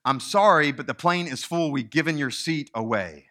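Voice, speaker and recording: A man's voice: on the high side, normal speed, sharp tone. A man doing a polite female gate agent. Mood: apologetic. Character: apologetic female airline gate agent, calm.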